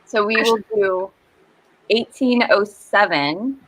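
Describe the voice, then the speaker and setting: A woman's voice: medium pitch, slow, fairly bright tone, poor audio. A young woman hosting a casual writing livestream over a video call, chatty and giggly. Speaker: host.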